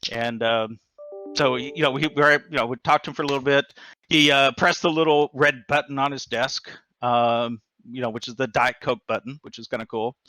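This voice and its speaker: Lively, bright-voiced man telling a story. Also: medium pitch, a little fast, no echo. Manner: lively, excitable, with frequent fillers and restarts. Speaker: guest. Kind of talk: animated personal storytelling.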